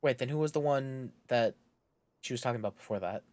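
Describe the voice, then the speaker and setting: Excitable joking male streamer, dry sound. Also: medium pitch, fairly quick, dry recording. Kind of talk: casual gameplay chat.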